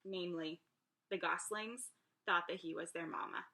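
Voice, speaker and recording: A woman's voice: lowish voice, moderate pace, background noise. A woman teacher reading a picture book aloud to young children, with chatty asides to her listeners. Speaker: preschool teacher.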